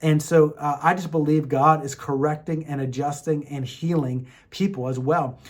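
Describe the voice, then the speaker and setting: Animated man telling faith stories. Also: a little high, normal speed. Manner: animated storyteller, acts out quotes, many fillers. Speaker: podcast host. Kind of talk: faith testimony storytelling.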